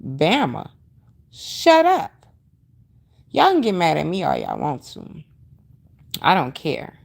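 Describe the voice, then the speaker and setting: A woman's voice: low voice, wildly swooping pitch, a little slow, gravelly, slightly rough. A middle-aged woman hosting a casual livestream, talking emphatically and with sass, repeating her points and answering viewer comments. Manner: emphatic, preachy, sassy, repeats herself. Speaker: livestream host.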